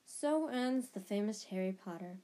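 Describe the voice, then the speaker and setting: A woman reading an audiobook and voicing a cold, gloating young male dark wizard in a low, quiet, taunting tone. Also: animated, moderate pace, close to an everyday voice.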